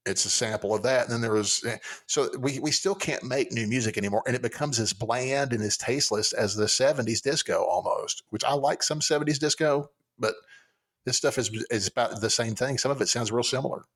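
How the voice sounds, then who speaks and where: A man's voice: medium pitch, a little fast, fairly bright tone. A man co-hosting a podcast, chatting casually with rambling restarts. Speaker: podcast co-host.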